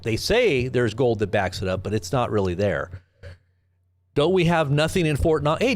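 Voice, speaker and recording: A man hosting a live commentary stream, talking in a rambling, sarcastic way with frequent restarts and rhetorical questions. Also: on the high side. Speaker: host of a live news commentary channel.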